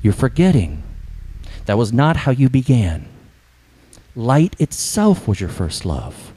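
A man voicing a gentle male spirit from heaven who speaks in a calm, pleading way. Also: mid-range voice, takes it slowly, husky, heavily acted, poor audio.

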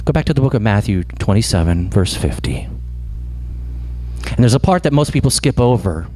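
A man preaching a sermon as pastor, impassioned, swinging from loud emphatic lines to slow hushed ones. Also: on the low side, expressive.

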